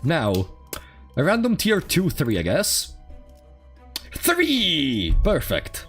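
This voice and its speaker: A man's voice: fairly high pitch, wildly swooping pitch, measured pace. A man with an Italian accent, a native Italian speaker, streaming a game in casual commentary, wry and sarcastic and laughing often. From Italy. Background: faint game music.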